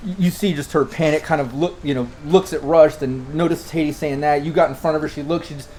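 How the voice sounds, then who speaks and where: A man's voice: on the high side, fairly even intonation, a little fast, a little mellow. Man, game master, rambling narration, lots of fillers, faint background hiss.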